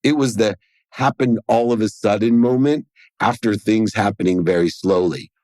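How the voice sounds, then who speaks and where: Speaking at a moderate pace with a lowish, darkish voice, a podcast guest earnestly shares a personal story. He performs the quoted dialogue, and the recording has no room sound.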